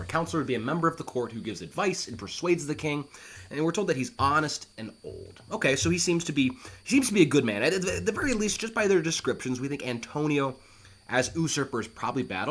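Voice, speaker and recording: Lively, bright-voiced man teaching a play. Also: mid-range voice, slightly rough. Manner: animated, jumps into loud acted quotes; talks straight to the student, reassuring. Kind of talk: explaining a play scene by scene.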